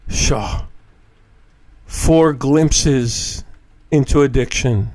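A man hosting a podcast on addiction recovery, reading poems in a measured, solemn way and reflecting on them. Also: mid-range voice, fairly even intonation, a little mellow. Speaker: podcast host and addiction counselor.

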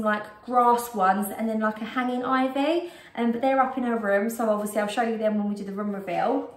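A British woman vlogging a casual shopping haul at home, chatty and rambling with frequent ums, a bit out of breath. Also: on the high side. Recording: roomy echo, distant mic.

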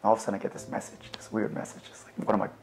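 A young man telling his faith testimony in a relaxed, conversational way, with fillers and replayed conversations. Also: racing, a little hiss or hum. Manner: animated, acts out both sides of remembered conversations. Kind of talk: personal storytelling.

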